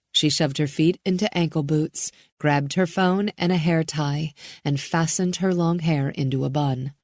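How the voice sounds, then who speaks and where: Slow, measured woman narrating an audiobook. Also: low voice, dry recording, studio quality. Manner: measured, calm delivery. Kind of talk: scripted narration.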